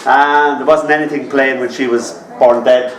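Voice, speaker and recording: A man in his fifties with an Irish accent, speaking in a mid-range voice at a steady tone and normal speed, tells comic stories live in a bar and teases his audience in a wry, chatty way. The distant mic gives a roomy sound with a little hiss or hum.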